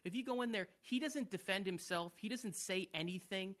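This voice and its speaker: A man co-hosting a sports podcast who gives quick, opinionated takes and mimics the people he discusses. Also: high-pitched, a bit bright. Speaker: co-host. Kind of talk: casual sports talk.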